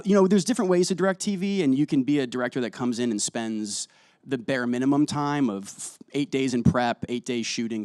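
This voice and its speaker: A man's voice: mid-range voice, darkish tone, no room sound, studio quality. A man, a guest on an interview show, chatting playfully and rambling between jokes and earnest answers, tired and just over a cold. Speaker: guest actor and director. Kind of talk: casual interview chat.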